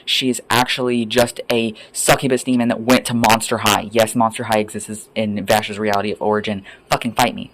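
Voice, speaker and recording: A man ranting off the cuff as a vlogger, angry and sweary, rambling between loud outbursts and low mutters. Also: rough recording. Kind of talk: profane off-the-cuff rant.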